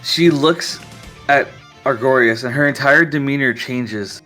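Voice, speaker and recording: Bright-voiced man running a tabletop game. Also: mid-range voice, a little slow, faint music behind. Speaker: game master.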